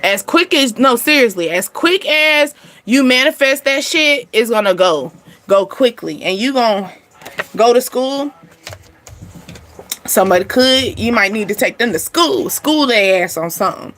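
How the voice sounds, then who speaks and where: A woman's voice: on the high side, lively intonation, measured pace, fairly bright tone. A woman hosting a spiritual reading channel, talking casually and bluntly to her viewers with frequent asides. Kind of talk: casual tarot-style energy reading.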